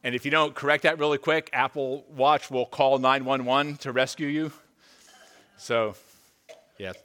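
A pastor preaching to his congregation in a church, his voice at an ordinary middle pitch for a man. He reads scripture with rising emphasis and turns chatty in his asides, often stumbling and restarting. The delivery stays lively and conversational. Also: a little slow. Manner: animated, emphatic when reading scripture, with stammered restarts and asides. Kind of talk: sermon. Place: church sanctuary.

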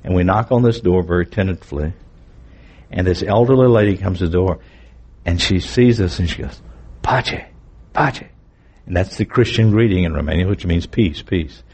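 Male preacher, husky lowish voice, earnest vivid testimony. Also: a little fast, darkish tone. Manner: earnest, vivid storytelling with candid asides. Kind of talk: personal testimony in a sermon.

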